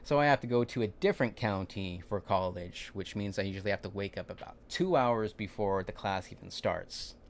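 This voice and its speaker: A young man with a fairly low voice talks casually through a livestream, retelling a chaotic night at work. He rambles, restarts sentences and acts out the quotes of the people around him. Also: brisk, hardly any pauses, a little hiss or hum. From California. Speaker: vlogger recounting a work shift.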